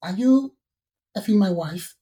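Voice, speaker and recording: A woman's voice: medium pitch, expressive, measured pace, warm tone, natural voice. A woman putting on the voice of a threatening, jealous rich husband on a prank phone call, blunt and clipped. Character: menacing rich jealous husband, male, adult.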